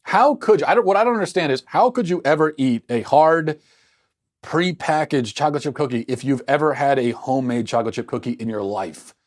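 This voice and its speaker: A man's voice: mid-range voice, brisk. A man hosting a political commentary show, talking in an incredulous, argumentative, sarcastic way.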